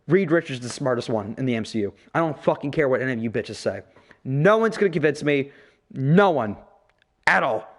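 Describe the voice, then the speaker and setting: A man's voice: mid-range voice, expressive, fairly quick. A man hosting a casual podcast, ranting profanely and with strong opinions. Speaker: podcast host.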